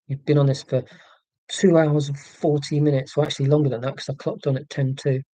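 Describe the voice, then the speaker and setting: A man rambles through a casual live stream, self-deprecating and often restarting his sentences. His voice is warm and mellow, recorded dry and close on a laptop mic at home. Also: fairly high pitch, level tone, brisk, no echo. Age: 40s. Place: indoors at home. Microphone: laptop microphone.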